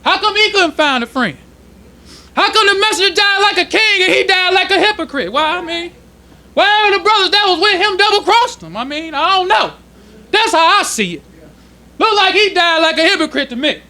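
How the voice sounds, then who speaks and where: High, bright-voiced male minister preaching. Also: expressive. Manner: preaching in casual street-level speech, slowing to read quoted passages. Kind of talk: sermon teaching. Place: temple congregation hall.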